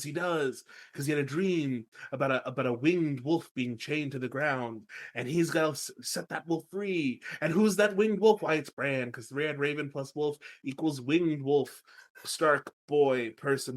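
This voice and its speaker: A man hosting a podcast, recapping a book in animated, playful casual chat. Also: on the high side, moderate pace. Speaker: podcast host.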